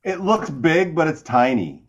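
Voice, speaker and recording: A man from Canada co-hosts a podcast and rants in a profane, sarcastic way. His pitch swings widely as he talks, and the recording sounds dull and lo-fi. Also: big pitch swings, unhurried. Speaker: podcast co-host. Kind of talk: casual podcast rant.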